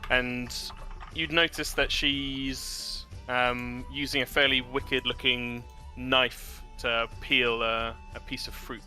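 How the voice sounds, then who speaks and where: Slow, sharp-toned man describing a character. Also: medium pitch, level tone, faint music behind. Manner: measured, searching for words. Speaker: player. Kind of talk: describing a character in a tabletop game.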